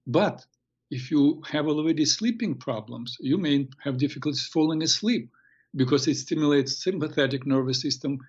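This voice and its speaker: A man hosting a radio show, giving earnest, halting health advice and telling a tale. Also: fairly high pitch, breathy edge, dull audio. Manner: hesitant, many restarts, earnest. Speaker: radio show host and therapist. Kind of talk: advice talk and storytelling.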